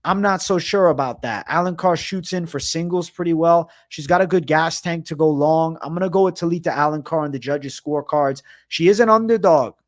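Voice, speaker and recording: A man's voice: a little high, brisk, few pauses. A man hosting a live MMA prediction stream in casual chat, rambling and cursing as he jokes with viewers in the chat. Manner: rambling, profane, joking with chat; hums beat sounds between topics. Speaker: MMA prediction show host. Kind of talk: casual livestream commentary.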